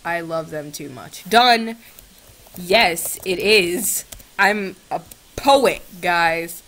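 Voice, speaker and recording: A woman's voice: lowish voice, lively intonation, drawn-out words, fairly bright tone. A young woman vlogger chatting sarcastically with a chatbot, swinging between shrieks and mutters, on a computer's built-in mic. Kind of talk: casual chat with a chatbot.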